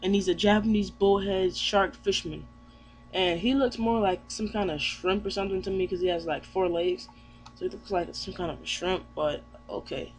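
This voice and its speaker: Man, manga reviewer, casual recap, rambling, fillers, high voice. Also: steady tone, moderate pace, faint music behind. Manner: rambling, many fillers and self-corrections.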